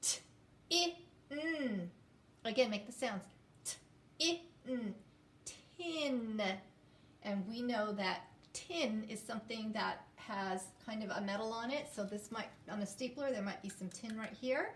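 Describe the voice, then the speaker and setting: A woman teaching a phonics lesson to young children, sounding words out slowly and inviting them to repeat after her. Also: mid-range voice, roomy sound, far from the mic. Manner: slow, drawn-out sounding out of words.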